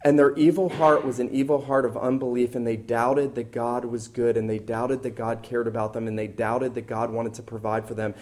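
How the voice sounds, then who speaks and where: A male pastor preaching a sermon, emphatic, repeating key words and swinging between loud stresses and quiet drops. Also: mid-range voice, level tone, moderate pace, few pauses.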